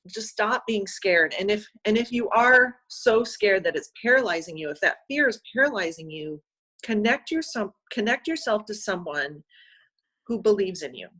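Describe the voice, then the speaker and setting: A woman's voice: medium pitch, fairly bright tone. A woman guest in an interview, speaking from the heart with many fillers and close to tears. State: close to crying. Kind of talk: emotional personal interview.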